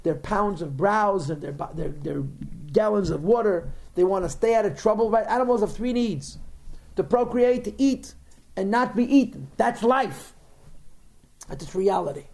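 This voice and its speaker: A man's voice: high voice, expressive, normal speed, vocal fry, darkish tone. A man teaching a religious text, explaining in a digressive way with frequent repeated words. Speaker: Torah teacher.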